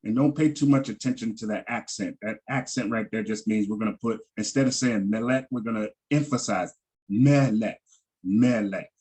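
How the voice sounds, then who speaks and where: A man's voice: fairly low pitch, fairly quick, few pauses, a little mellow. A man teaching a Hebrew vocabulary lesson, patiently repeating each word with frequent ums and restarts.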